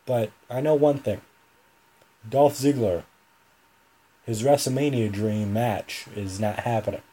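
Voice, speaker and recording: A young man hosts a solo podcast in a loose, rambling way, stopping to correct himself as he goes. His voice is mellow and a little husky. The pitch sits in the middle range for a man. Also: measured pace. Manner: rambling, self-correcting, chatty. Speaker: podcast host. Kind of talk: casual solo podcast talk.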